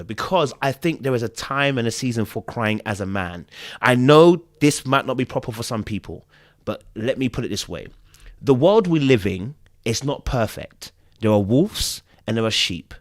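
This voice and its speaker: Podcast co-host, man, lively and chatty, dry recording. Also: mid-range voice, no room sound. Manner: animated, acts out little voices, repeats words. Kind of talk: casual commentary chat.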